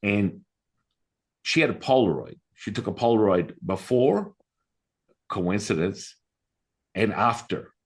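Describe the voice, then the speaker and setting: A man's voice: on the low side, slow, long pauses. A man, a guest on a podcast, telling a story in a casual, emphatic way and acting out the voices of the people in it. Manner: animated, acts out quoted voices; conversational, emphatic. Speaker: podcast guest, Taoist master and healer.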